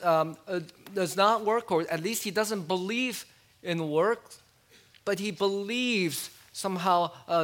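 A man preaching a sermon in a conversational way, asking his listeners questions and dropping low and quiet on key words. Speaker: pastor.

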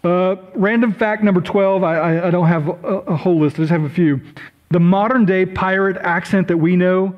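A man's voice: high voice, fairly even intonation, normal speed, muffled recording. A middle-aged male pastor preaching a sermon, chatty and self-deprecating, apologizing often and breaking into asides.

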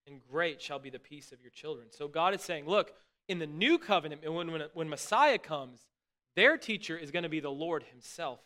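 A middle-aged man, a pastor, preaching a sermon in an earnest, emphatic way, often restarting words and dropping to soft asides. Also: a little high, animated, moderate pace.

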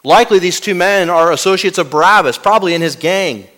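A man preaching a sermon as pastor, dramatic, dropping from loud to hushed and asking the congregation rhetorical questions. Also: high voice, a little fast.

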